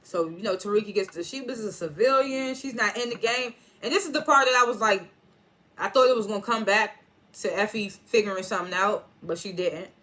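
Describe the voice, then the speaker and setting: A man casually recapping and reviewing a TV episode, rambling and animated, with frequent swearing and laughter. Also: sits high, fairly quick.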